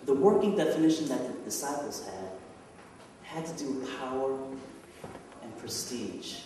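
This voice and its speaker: A man's voice: mid-range voice, animated, moderate pace, mellow, slight background noise. A man pastor preaching a sermon in a church sanctuary, asking rhetorical questions with conversational asides, heard from far off. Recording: echoey church hall from far off.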